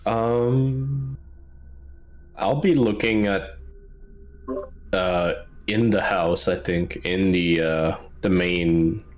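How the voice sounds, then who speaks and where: A man playing a tabletop game, speaking in a halting, hesitant way with many fillers. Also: deep voice. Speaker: player. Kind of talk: casual tabletop role-play.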